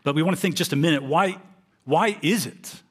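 A man's voice: fairly high pitch, a little fast. A man preaching a sermon, reading a parable aloud and explaining it earnestly. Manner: earnest, reads scripture aloud then explains it.

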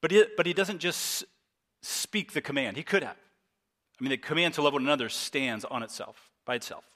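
Bright-voiced man preaching a sermon. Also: on the high side, lively intonation, brisk. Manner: earnest, emphatic preaching with repetition. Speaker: pastor.

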